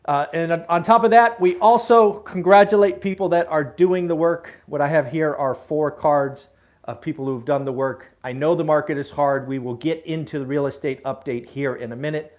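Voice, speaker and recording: A man's voice: a little high, moderate pace, darkish tone. A middle-aged man hosting a live daily real estate show from his room at home, giving direct, emphatic advice with frequent "uh" fillers. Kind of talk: live solo talk to camera.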